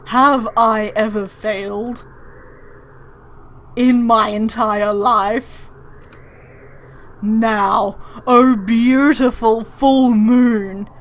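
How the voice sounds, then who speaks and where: A woman voicing a vain, grandiose male bird inventor who talks in a pompous, theatrical way. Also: fairly high pitch. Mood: smug. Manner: pompous, theatrical, self-admiring.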